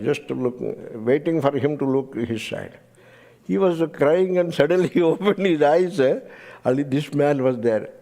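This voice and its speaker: Speaking with an Indian English accent, an older man teaching Vedanta as a swami shares a story during satsang. He stresses his points and laughs softly throughout, his voice fairly high and a little mellow.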